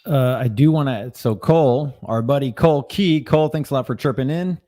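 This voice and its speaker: A man co-hosting a podcast, talking in a relaxed, thoughtful way with a lot of "you know.". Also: medium pitch, brisk. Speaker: podcast co-host. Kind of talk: casual podcast chat.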